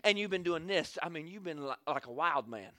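With no echo on the recording, a man with a slightly high voice speaks a little fast as he preaches. He animatedly tells a story, acts out scenes, and calls out for amens from the crowd.

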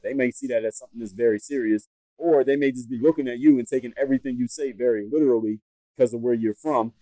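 Fast-talking, blunt American podcast host. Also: male voice, medium pitch, warm tone, no echo, poor audio. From United States. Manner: fast, blunt and emphatic, repeating points. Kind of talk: advice podcast monologue.

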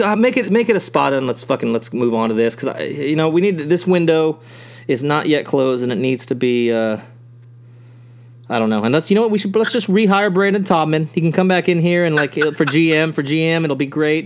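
A man's voice: on the high side, expressive, fairly quick. Rambling, profane man chatting. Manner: profane, rambling, many restarts. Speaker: podcast co-host. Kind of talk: casual chat.

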